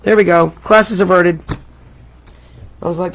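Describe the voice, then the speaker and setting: A woman's voice: fairly low pitch, expressive, measured pace, slight background noise. A middle-aged woman hosting a live craft tutorial, chatty and exclamatory, often laughing at herself. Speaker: crafting host.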